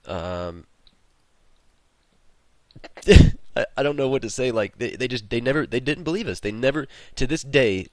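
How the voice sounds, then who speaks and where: A man's voice: lowish voice, dry recording. A man hosting a gaming video, telling a long story in a casual, rambling way while he plays, swearing freely. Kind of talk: casual storytelling over gameplay.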